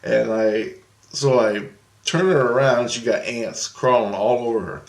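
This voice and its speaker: Brief: mid-pitched man, rambling vlog storyteller, lots of fillers and restarts. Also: a little slow. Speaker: video blogger.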